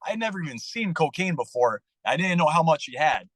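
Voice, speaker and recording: A man with a fairly high voice tells his story as a podcast guest. He talks candidly and freely swears. The sound is close and dry. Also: fairly quick, no room sound, rough recording. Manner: candid, profane and animated, acting out dialogue. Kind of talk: casual storytelling interview.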